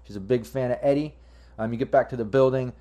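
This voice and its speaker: A man's voice: medium pitch, quick pace, warm tone, highs cut off. A man narrating as game master in a casual tabletop session, loose and rambling. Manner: loose, rambling, frequent ums.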